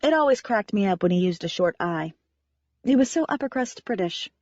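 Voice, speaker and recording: A woman's voice: medium pitch, lively intonation, brisk, a little mellow, no echo. A woman narrating a first-person audiobook in a wry, conversational way. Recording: dry, slightly dull recording.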